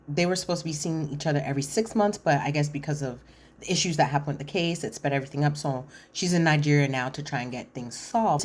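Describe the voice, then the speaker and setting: Her voice is low-pitched and a little mellow as this reality TV commentator runs through a show recap. The talk is casual, blunt and full of slang and filler words.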